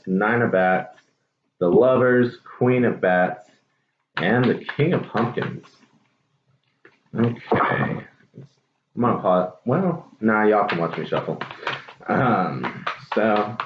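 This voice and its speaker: A man giving a casual, chatty tarot reading to viewers, with lots of fillers and trailing thoughts. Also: fairly low pitch. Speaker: tarot reader. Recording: dull echoey room with faint noise.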